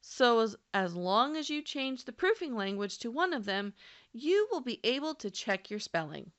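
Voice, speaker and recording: A woman narrating a scripted language lesson, speaking clearly and deliberately and slowing down to model example words. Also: on the high side, sing-song, fairly bright tone, dull audio. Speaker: language teacher.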